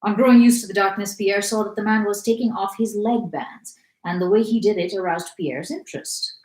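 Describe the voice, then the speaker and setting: A woman reading a classic novel aloud in a clear, even way. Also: mid-range voice, brisk. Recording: echoey room.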